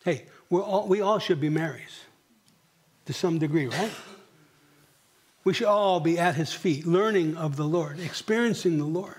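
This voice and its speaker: A middle-aged male pastor preaching a sermon, swinging from near whispers to emphatic questions and clearing his throat often. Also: on the high side, normal speed, pauses often. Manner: dramatic, dropping to near whispers and rising for emphasis; asks the congregation rhetorical questions. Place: church.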